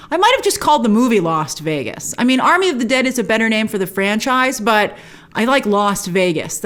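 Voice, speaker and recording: A woman hosting a trailer breakdown show in casual commentary, chatty and enthusiastic, often jumping into high excited remarks.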